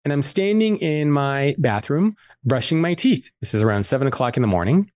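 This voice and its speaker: A man guest on a podcast, telling a personal story in a candid, animated way and swearing freely. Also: medium pitch, a little fast, no echo. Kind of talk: casual storytelling interview.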